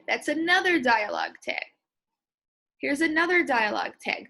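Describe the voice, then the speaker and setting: A woman teacher explaining and demonstrating expressive reading aloud in a reading lesson. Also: high voice, moderate pace.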